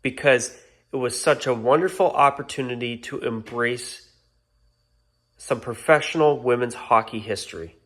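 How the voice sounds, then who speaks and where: A man's voice: mid-range voice, moderate pace, a bit bright. A man talking casually to his channel's viewers, ranting in exasperation and apologizing now and then. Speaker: YouTuber. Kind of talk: casual vlog rant.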